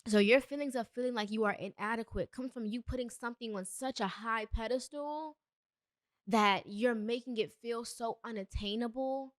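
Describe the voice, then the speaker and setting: A woman's voice: fairly high pitch, moderate pace, no room sound. Earnest woman podcaster, dry close sound. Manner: earnest, preachy, conversational with emphatic bursts. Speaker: podcast host. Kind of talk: solo motivational podcast talk.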